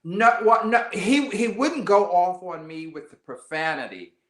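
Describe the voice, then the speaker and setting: An older man from the United States tells stories as an interview guest, his bright, forceful voice sitting at a middle pitch. He talks in a lively, rambling way, restarting and adding asides. The sound is roomy, with echo around him. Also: a little slow. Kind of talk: conversational storytelling interview.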